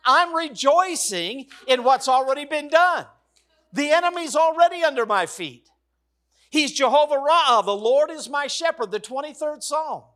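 A middle-aged man preaching a sermon as pastor, in an emphatic, repetitive cadence that swings from loud exclamations to hushed, soft passages. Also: very high-pitched, expressive, normal speed.

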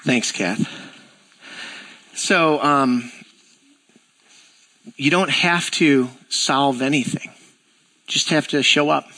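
Bright-voiced man preaching a conversational sermon. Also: a little high. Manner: conversational, animated storytelling with acted-out dialogue. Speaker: pastor. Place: church.

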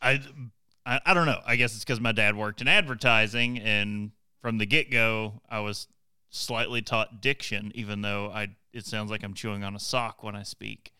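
A man's voice: fairly low pitch, fairly even intonation, normal speed, pushed and bright, clean tone, no room sound. A man with an Eastern Kentucky accent chatting casually on a podcast, rambling and self-deprecating, laughing often. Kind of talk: casual chat.

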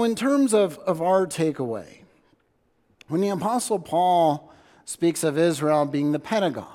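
Brief: earnest male pastor giving a sermon, fairly high voice, reverberant church hall. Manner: earnest, repeats words as he restarts, shifts loudness for emphasis.

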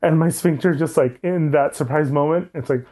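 Frank, mellow man telling a story. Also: fairly high pitch, moderate pace, slight background noise. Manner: frank, laughing, says "like" often. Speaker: guest. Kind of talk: candid personal storytelling.

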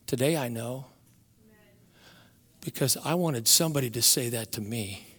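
Man in his 60s, pastor, emotional sermon delivery with big swings from loud to hushed; mid-pitched, long hall reverb. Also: unhurried, husky.

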